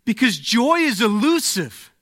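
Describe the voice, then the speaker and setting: A man preaching a sermon, speaking slowly and deliberately, dropping to a hush and then rising to exclaim. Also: very high-pitched, big pitch swings. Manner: slow, deliberate, swings from hushed to exclaiming.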